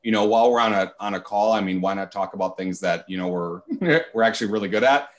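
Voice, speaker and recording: A man hosting a podcast interview, speaking in a halting way with lots of filler words. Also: lowish voice. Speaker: podcast host. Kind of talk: casual interview chat.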